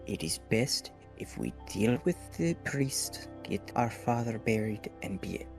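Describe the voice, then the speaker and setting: A man voicing a grave young nobleman who pleads in a hushed, near-whispered voice over music. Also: on the low side, lively intonation, unhurried, gravelly. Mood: hushed urgent. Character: nervous young nobleman Ismark, grave and urgent.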